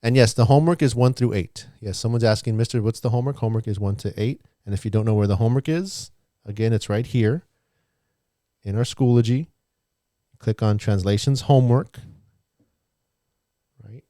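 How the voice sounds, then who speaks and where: A man's voice: lowish voice, moderate pace, long pauses, warm tone, no echo. Chatty male math teacher, dry sound. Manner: chatty, walking students through steps aloud. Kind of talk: online class lesson.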